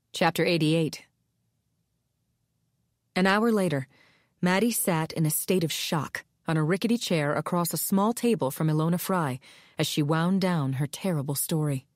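A woman narrating a thriller in a measured, steady voice on the low side. The recording is close and dry, with no room around it. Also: dry recording. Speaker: audiobook narrator. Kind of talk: scripted narration.

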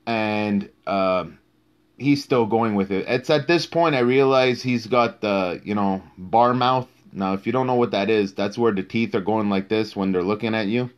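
A man's voice: on the low side, moderate pace, clean tone, lo-fi sound. A man hosting a live-streamed boxing talk show, speaking bluntly and cursing heavily for emphasis. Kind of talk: live-streamed casual commentary.

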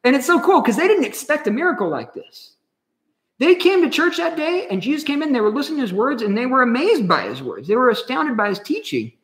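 A man's voice: very high voice, sing-song, brisk, a bit bright, roomy sound. A man leading a home Bible study as pastor, teaching verse by verse in a casual, slangy, conversational way.

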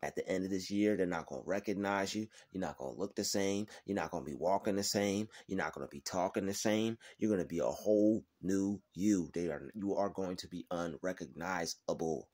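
A man's voice: low voice, brisk, hardly any pauses, darkish tone. Man giving an emphatic, profane pep talk. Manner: emphatic, repetitive, swearing freely. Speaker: faith-based motivational vlogger.

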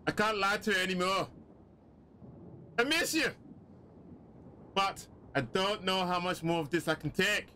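A man's voice: sits high, pushed and bright, a little hiss or hum. A man voicing a pleading wife writing to her absent husband, in an improvised put-on accent. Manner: improvised put-on accent, unsure which one.

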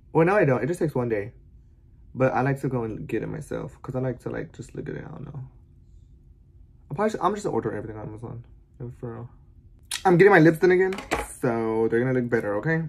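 Creaky, husky and a little mellow, this young man's mid-range voice carries his sassy, profanity-laced chat to the camera. The vlog begins at home and continues in his car and at a dealership.

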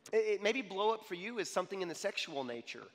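Male pastor in his 30s, slightly high voice, lively talk-style sermon, hall reverb. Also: fast talker. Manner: animated, repeats "okay?" to the crowd. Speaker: young adults pastor. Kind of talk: conversational sermon.

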